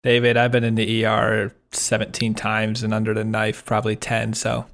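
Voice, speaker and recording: A man's voice: fairly low pitch, completely flat delivery, normal speed, creaky, a bit bright. Wry man chatting about a book. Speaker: podcast co-host. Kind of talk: casual book discussion.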